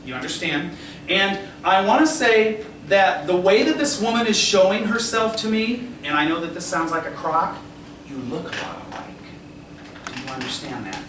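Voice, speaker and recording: A man with a high, light voice gives a psychic reading to a crowd, constantly checking in with his listener and chuckling along the way. He is picked up from a distance, so the sound is roomy and echoing. A steady background noise runs underneath. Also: moderate pace. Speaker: psychic medium. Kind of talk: live mediumship demonstration. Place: restaurant dining room before a seated audience.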